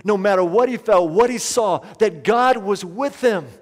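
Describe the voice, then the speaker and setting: A pastor delivers a sermon in a high-sitting male voice at a moderate pace. He speaks emphatically, repeats key lines, and leads the congregation in call-and-response, all caught in the long reverb of a large hall.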